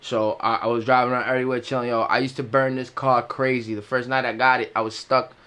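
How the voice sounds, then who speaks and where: A man's voice: medium pitch, fast, clean tone. A young man from Queens, New York, telling car stories in a casual, profane podcast chat and acting out the sounds. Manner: animated, profane, acts out sounds and voices. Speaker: podcast co-host.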